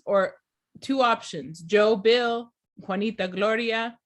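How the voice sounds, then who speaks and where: A woman giving a class lecture as a teacher trainer. She speaks clearly and deliberately and keeps asking the class questions. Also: a little high, fairly bright tone.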